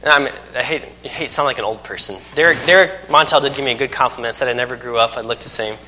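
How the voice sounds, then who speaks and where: A man's voice: medium pitch, fast, bright, forceful tone, slight background noise. Man preaching in a big reverberant hall. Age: 30s. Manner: folksy storytelling, self-mocking humor. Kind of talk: sermon.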